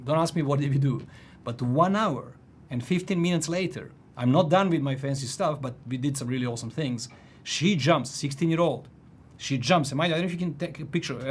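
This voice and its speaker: A man in his forties telling a personal story in casual chat, animated, restarting sentences and laughing often. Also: medium pitch, slight background noise. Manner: animated, frequent restarts and laughs, "if you know what I mean".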